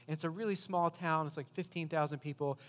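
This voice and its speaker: A man's voice: a little high, steady tone, fast talker. A male pastor giving a sermon in a conversational, storytelling way. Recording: long hall reverb.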